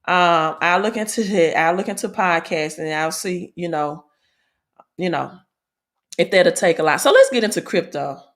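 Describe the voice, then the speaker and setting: A woman's voice: on the low side, moderate pace, a bit bright. A woman with a Southern accent hosts a casual money livestream. She rambles in a chatty way and keeps checking in with "right?". When she reads the news aloud, she stumbles over the words. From Mississippi, American South. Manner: chatty, repeats herself, tags sentences with "right?". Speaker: livestream host on crypto and money.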